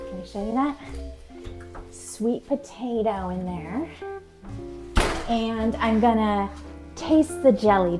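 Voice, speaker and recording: A middle-aged woman chatting casually to camera in her home kitchen, talking to herself and dropping into soft whispered asides. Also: medium pitch. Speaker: vlogger.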